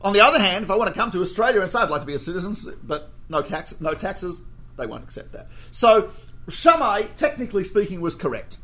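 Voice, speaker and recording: A man's voice: high-pitched, quick pace. A man teaching a class as a rabbi, telling stories with jokes and acting out the quoted exchanges. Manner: animated, jokey, acts out quoted exchanges. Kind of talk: humorous storytelling lecture.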